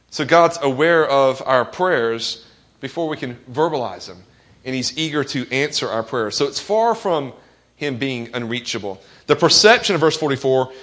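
A man's voice: medium pitch, animated, normal speed, a bit bright. A man preaching a sermon as pastor, earnest, asking the congregation questions and quoting scripture with rising emphasis.

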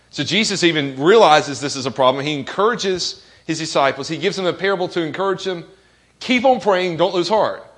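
A man preaching a sermon as pastor, earnest, asking the congregation questions and quoting scripture with rising emphasis. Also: on the high side.

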